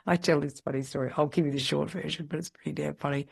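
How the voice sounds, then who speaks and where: A middle-aged woman with an Australian accent, a podcast host telling candid, lively stories in casual chat. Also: low-pitched, fast talker, creaky, slightly rough. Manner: lively, candid anecdotal storyteller. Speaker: podcast host, salon mentor.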